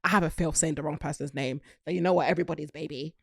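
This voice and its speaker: A British woman hosting a casual podcast chat, animated and laughing often. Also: low-pitched, very fast, gravelly, no room sound, clean studio sound. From Britain. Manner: giggly, animated, bursts of laughter. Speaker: podcast host.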